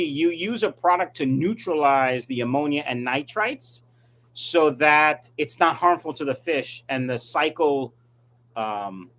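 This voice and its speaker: A man's voice: a little high, fairly bright tone. A middle-aged man chatting casually on a live stream, reading viewer comments and rambling through his answers. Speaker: fish-breeding YouTuber answering live chat.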